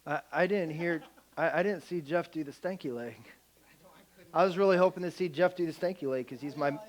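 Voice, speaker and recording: A man in his thirties, a pastor, telling a humorous sermon story with animated energy and stammering restarts. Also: a little high, a little fast.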